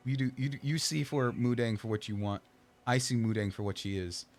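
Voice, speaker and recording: A man's voice: mid-range voice, brisk. A man streaming a video game, rambling and joking as he plays and talking back to the characters on screen. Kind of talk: casual gameplay commentary.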